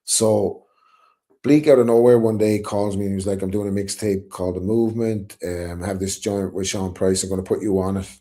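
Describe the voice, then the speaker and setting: A man's voice: sits low, fairly even intonation, fairly quick, dark tone. A middle-aged Irish man telling a story in a casual chat, acting out the quotes and swearing freely. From Ireland. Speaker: guest rapper.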